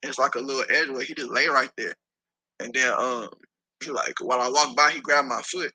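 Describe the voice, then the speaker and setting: A man telling a story as an interview guest, animated and profane, acting out the voices of the people in it. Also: medium pitch, fairly quick, slightly rough, no room sound, low-quality recording.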